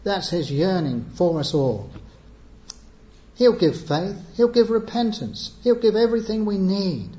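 A man's voice: high-pitched, animated, a little slow, dark tone. A man preaching an evangelistic sermon, earnest and pleading, building to emphatic appeals. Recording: echoey muffled church recording.

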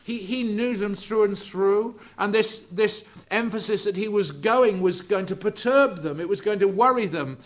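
A man preaching a sermon, slow and deliberate, drawing out key words and dropping to a hush for emphasis. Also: high voice. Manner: drops to hushed, quiet emphasis on key words.

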